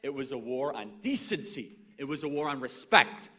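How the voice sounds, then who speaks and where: A young man speaking on a stage panel, quick and sarcastic. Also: medium pitch, lively intonation, sharp tone.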